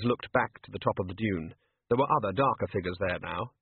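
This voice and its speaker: Husky man reading a story aloud. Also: fairly low pitch, fairly quick, dry recording. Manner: expressive storytelling. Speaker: audiobook narrator. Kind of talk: scripted narration. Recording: tinny phone-like line, dry.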